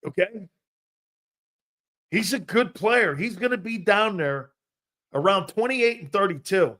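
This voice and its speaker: A man hosting a live sports talk show, loud and jokey, talking straight to his viewers. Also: sits high, expressive, a little slow. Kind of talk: live-stream sports talk reading chat.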